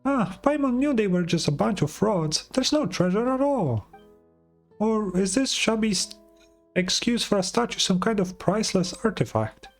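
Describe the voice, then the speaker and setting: A chirpy little fairy girl with a squeaky, excitable voice that jumps up high, as a man puts her on. She chatters in a lively, animated way, with faint music behind her. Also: normal speed. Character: chirpy small female fairy companion.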